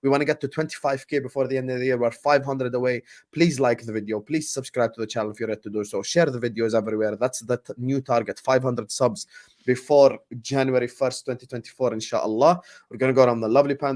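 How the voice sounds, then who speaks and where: A man hosting a casual football podcast, relaxed and chatty, dropping in Arabic phrases. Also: mid-range voice, fast talker. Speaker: podcast host.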